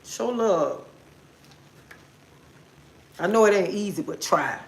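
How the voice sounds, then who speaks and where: A woman's voice: medium pitch, lively intonation, takes it slowly, creaky, a little mellow, echoey room, rough recording. A woman hosting a livestream, giving a repetitive, preachy, encouraging motivational talk. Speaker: livestream host.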